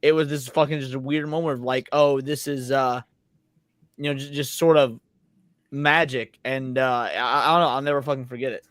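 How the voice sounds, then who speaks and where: A man's voice: mid-range voice, fairly even intonation, normal speed, a bit bright, clean tone, dry recording. Rambling man with a dry close mic. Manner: rambling, many restarts and repeated words. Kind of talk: casual chat.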